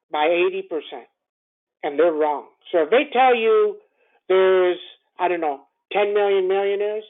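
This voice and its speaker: A man runs through a morning market call in a blunt, animated way, looping back on phrases and firing off rhetorical questions. His voice swings up and down in pitch. The sound is thin and phone-like. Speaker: stock trading commentator. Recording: tinny phone-line sound.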